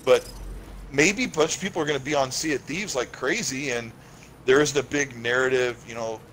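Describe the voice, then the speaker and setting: A man's voice: medium pitch, normal speed, fairly bright tone, low-quality recording. Enthusiastic male gaming guest, hissy audio. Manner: enthusiastic, explains gaming tech in detail. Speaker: guest commentator. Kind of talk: casual chat.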